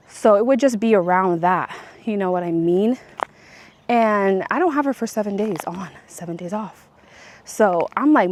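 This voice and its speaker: Young woman vlogging, casual rambly chat, lots of likes and restarts, mid pitch. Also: a little mellow. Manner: chatty and rambling, full of likes and self-corrections.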